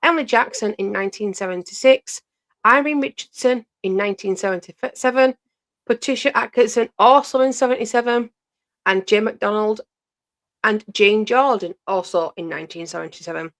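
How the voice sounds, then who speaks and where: A woman's voice: mid-range voice, fairly bright tone. A woman co-hosting a podcast, reading names and years aloud in a matter-of-fact way. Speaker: podcast co-host.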